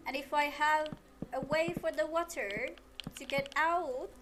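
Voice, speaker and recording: A woman with a high voice comments casually on her gameplay at an unhurried pace. She grows exasperated and scolds the game, repeating herself. Game music plays clearly underneath. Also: steady tone, fairly bright tone. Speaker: streamer.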